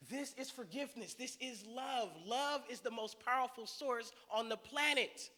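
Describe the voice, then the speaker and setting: Male guest preacher, animated storyteller, bright tone, big echoey sanctuary with faint hiss. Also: very high voice, normal speed, hardly any pauses. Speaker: guest speaker. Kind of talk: sermon. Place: church sanctuary.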